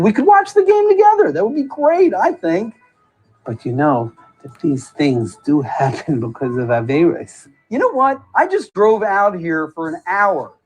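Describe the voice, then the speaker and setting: A tactless hospital visitor chatters on obliviously, as a man puts him on for a sketch. His pitch leaps up and down animatedly as he rambles, and faint music plays underneath. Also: darkish tone, slightly rough, full character voice, rough recording. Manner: rambling, oblivious, self-absorbed small talk. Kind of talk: comedic sketch monologue.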